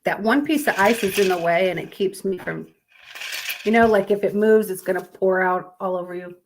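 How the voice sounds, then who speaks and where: A woman's voice: mid-range voice, normal speed, background noise. A woman, chatting casually on a live stream, reading out fun facts to viewers in a rambling, sleepy way. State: sleepy, yawning.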